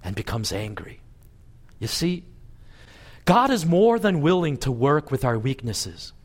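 A man preaching a sermon as pastor, retelling a scripture story with lively, animated delivery. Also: measured pace. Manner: animated storytelling, voicing God and Moses with lively pitch swings. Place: church service.

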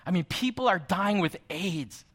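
A man's voice: high voice, animated, moderate pace. Middle-aged man preaching a personal story. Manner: personal storytelling, conversational with soft asides. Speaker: pastor. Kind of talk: sermon.

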